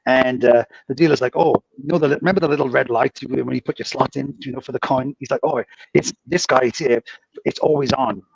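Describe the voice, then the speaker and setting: A man's voice: medium pitch, steady tone, brisk, creaky, breathy edge, no room sound. A man, a casino dealer, casually telling rambling anecdotes on a podcast. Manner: rambling anecdotes with frequent laughs. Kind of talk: casual storytelling. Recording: dull lo-fi audio.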